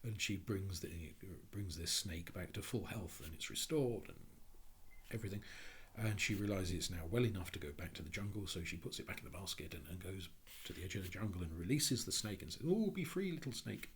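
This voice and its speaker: A man giving a reflective spoken talk on psychology, thinking aloud in a halting way with frequent restarts. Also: sits low, fairly bright tone, slight background noise. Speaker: speaker on Jungian psychology.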